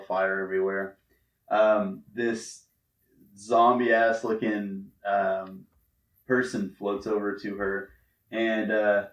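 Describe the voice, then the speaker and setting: A man's voice: fairly low pitch, distant mic. A man co-hosting a podcast, recapping a comic in a casual, rambling way full of fillers and swearing. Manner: rambling, filler-heavy and profane. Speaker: podcast co-host. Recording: roomy and off-mic with faint noise.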